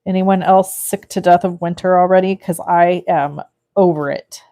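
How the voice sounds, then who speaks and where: A woman's voice: fairly low pitch, fairly even intonation, moderate pace, mellow. A woman hosting a live card-making stream, chatting casually and thinking aloud as she works and reads viewer comments. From California. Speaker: crafting livestream host. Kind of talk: casual live crafting demo.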